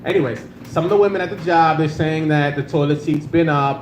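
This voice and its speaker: His fairly high voice runs a little fast with few pauses as this man does a casual, crude stand-up set on a club stage, handheld mic and live audience included. He's laid-back and uses frequent filler, and the roomy recording carries faint noise.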